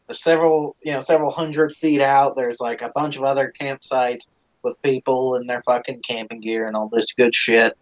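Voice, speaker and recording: A man's voice: mid-range voice, fairly even intonation, moderate pace. A man hosting a live stream, casually telling a rambling, profane story with plenty of swearing, on a dull lo-fi recording.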